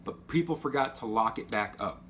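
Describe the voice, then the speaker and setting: A young man telling stories and giving casual advice about basic training, acting out the instructors' yelling. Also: medium pitch, fairly quick, slight background noise. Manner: animated, acts out drill instructors' yells. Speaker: vlogger, former Air Force trainee.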